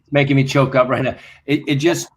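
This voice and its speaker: A man's voice: mid-range voice, steady tone, fast talker, poor audio. A man on a video call, telling a candid, emotional personal story and quoting others as he goes. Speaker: guest musician.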